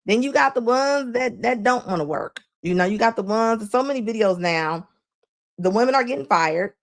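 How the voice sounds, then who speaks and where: A woman's voice: a little high, expressive, normal speed. A woman hosting a live stream, giving casual reaction commentary with frequent laughs and preachy asides to her viewers.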